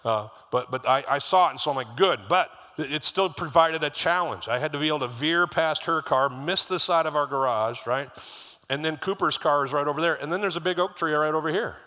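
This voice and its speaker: A middle-aged lead pastor with a fairly high, sharp voice preaches at a brisk pace. He tells his sermon as a conversational story, pausing for asides to the congregation, in a recording with live church hall reverb.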